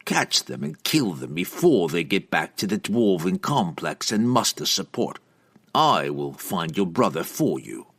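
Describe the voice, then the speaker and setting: Man doing a grim cunning assassin, deep voice, slow deliberate growl, audiobook. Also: very animated, gravelly, fairly bright tone, slightly rough, heavily acted.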